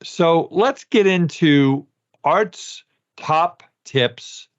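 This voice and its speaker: A man's voice: fairly high pitch, lively intonation, drawn-out words. Man in his sixties, podcast host, folksy and rambling, muffled lo-fi audio. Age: 60s. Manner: folksy, rambling, direct to listeners. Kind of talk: casual podcast talk.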